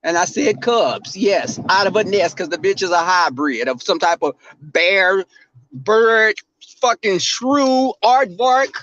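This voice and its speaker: A livestreamer from Texas, speaking in a Southern drawl, delivers sassy, profane, brash rants outdoors in the cold. His high, expressive, slightly bright voice moves at a slow pace, and the dull, dry recording carries slight background noise.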